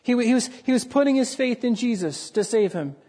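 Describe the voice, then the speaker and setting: This earnest preacher drives home every point with emphasis as he addresses a congregation in the middle of a sermon. The pitch is middling, neither high nor low, with a warm tone, lively intonation, and a slightly quick pace.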